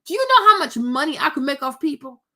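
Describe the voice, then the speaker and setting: A woman's voice: high voice, very animated, fast, sharp tone. A woman hosting a reaction commentary, scolding bluntly and cursing freely. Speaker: commentary host.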